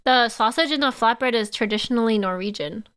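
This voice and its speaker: A woman's voice: fairly high pitch, brisk, fairly bright tone, smooth. A woman from Canada, giving playful live-stream reaction commentary and teasing her chat.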